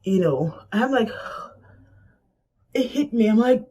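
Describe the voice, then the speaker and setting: A woman speaking on camera about losing a close friend, her voice rising and falling widely as she acts out old conversations. She talks in a lively, heartfelt storytelling manner. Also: fairly high pitch, slow, long pauses, husky. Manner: animated, acts out past conversations. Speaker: vlogger sharing a personal loss. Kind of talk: emotional personal storytelling. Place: Canada.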